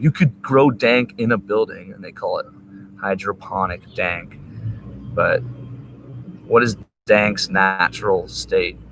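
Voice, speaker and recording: A man talking while high, rambling and swearing in a loose monologue outdoors. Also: noisy background. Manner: rambling, profane, laughing asides. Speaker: vlogger.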